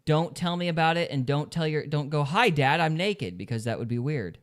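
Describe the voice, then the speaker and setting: A man's voice: fairly high pitch, animated, fairly quick, smooth. A man hosting a podcast in casual chat, opinionated and mocking others in quoted voices. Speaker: podcast host.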